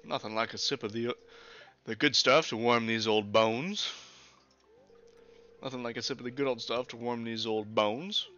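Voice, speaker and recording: Man voicing a gruff Southern older woman in a video game, slow and drawling; dull lo-fi sound. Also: mid-range voice, fairly even intonation, bright, forceful tone, close to an everyday voice. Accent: American Southern. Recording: lo-fi old mic.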